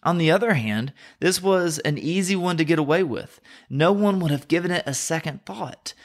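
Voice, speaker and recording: A man's voice: fairly high pitch, lively intonation, normal speed. A man from North Carolina with a Southern American accent, hosting a podcast and giving an earnest, reflective Bible teaching. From North Carolina, USA.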